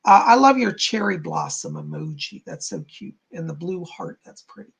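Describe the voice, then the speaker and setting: Gravelly, husky psychic man. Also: a little high, wildly swooping pitch, normal speed. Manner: chatty, relays spirit messages and reads viewer comments aloud. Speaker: psychic medium, stream host. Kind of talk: live-stream psychic readings.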